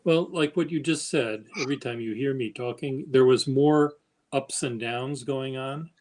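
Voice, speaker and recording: A man hosting a casual stream chat, speaking slowly and haltingly in a flat, even tone. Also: mid-range voice, a little hiss or hum, poor audio. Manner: slow, halting, self-described monotone. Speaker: stream host.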